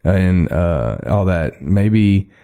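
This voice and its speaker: A man's voice: sits low, lively intonation, drawn-out words, gravelly, mellow. A man, hosting a podcast in a rambling, laid-back way and laughing often. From Texas. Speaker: podcast host. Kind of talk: casual chat. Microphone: studio microphone.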